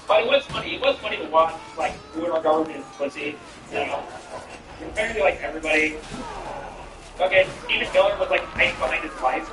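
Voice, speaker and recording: Talking quickly in a voice on the high side, a comedian chats with viewers during a game stream, rambling, swearing and sounding incredulous. The audio is distant and off-mic, with room echo and music in the background.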